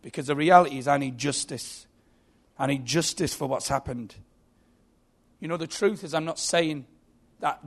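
A man preaching a sermon, earnest and emphatic, telling a story. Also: on the high side.

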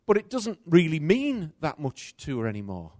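A middle-aged man preaches a sermon and tells a personal story, swinging between loud and soft. His pitch rises and falls with lively movement. The recording sounds dry and close. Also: moderate pace, dry recording.

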